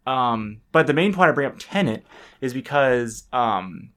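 A man's voice: mid-range voice, expressive, a little slow, fairly bright tone. Rambling, laughing podcast host man. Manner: rambling, self-interrupting, laughs often. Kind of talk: casual podcast chat.

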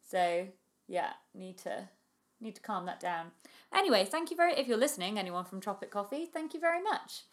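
A woman's voice: medium pitch, sing-song, a little fast. Chatty woman co-host, pregnant, giggly, loose casual delivery. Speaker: podcast co-host. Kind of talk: casual chat.

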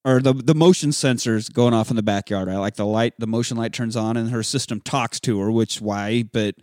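A man's voice: medium pitch, brisk, darkish tone, dry recording, studio quality. A man casually recapping a film plot with friends, swearing freely and acting out the characters' lines. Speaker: podcast co-host recapping a film. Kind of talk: casual profane chat.

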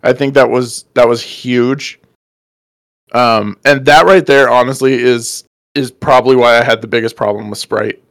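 A man's voice: mid-range voice, fairly even intonation, normal speed, fairly bright tone, no echo. Laid-back man, dry close sound. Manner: laid-back, agreeable, swears casually. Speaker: podcast co-host. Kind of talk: casual movie review chat.

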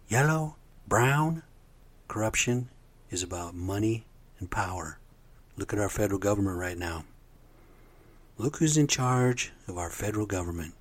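A man with a somewhat low voice, talking bluntly and indignantly in a monologue. He swears freely and comes back again and again to what angers him. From United States. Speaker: commentator. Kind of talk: angry monologue.

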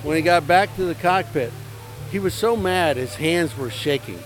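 A man's voice: a little high, normal speed, over music, rough recording. Chatty man telling pilot stories. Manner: animated anecdote-telling with acted-out quotes. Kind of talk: casual storytelling.

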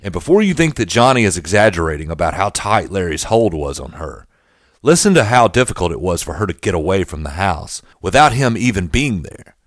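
Deep-voiced male documentary narrator. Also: big pitch swings, dry recording, studio quality, faint music behind. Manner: measured, dramatic storytelling.

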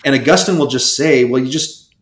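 A man speaking as a guest scholar in a casual interview, animated and rambling, with many restarts. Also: mid-range voice, fairly quick, echoey room.

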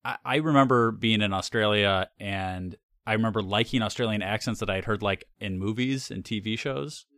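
A man's voice: fairly low pitch, normal speed, hardly any pauses, fairly bright tone, no echo, clean studio sound. A man in casual conversation, easygoing and rambling, laughing often as he talks. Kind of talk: casual chat.

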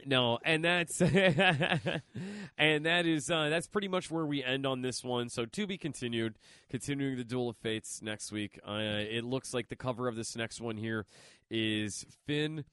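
Rambling profane podcast host. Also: male voice, medium pitch, unhurried, fairly bright tone, smooth, no room sound, clean studio sound. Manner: rambling, profane, filler-heavy. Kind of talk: casual chat recapping a comic.

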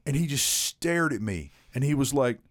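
A man telling a story in a casual podcast chat, animated and swearing, acting out what people said. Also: medium pitch, normal speed. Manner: animated, swearing, acts out quotes. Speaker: podcast co-host.

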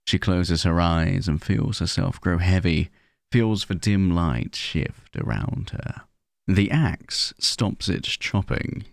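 A man reading a horror short story aloud in scripted narration, slow, measured and hushed. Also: low-pitched, gravelly, no echo, clean studio sound.

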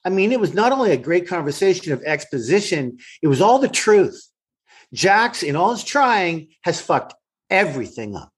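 A man's voice: high-pitched, sing-song, moderate pace, breathy edge. A man who is a guest actor, telling stories from set over a remote call with weak wifi, emphatic and swearing freely. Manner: emphatic, profane storytelling.

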